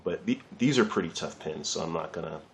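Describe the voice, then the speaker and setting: A man's voice: sits low, expressive, brisk. A man giving a casual, rambling drawing lesson while he works, chatting loosely and swearing lightly. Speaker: art teacher.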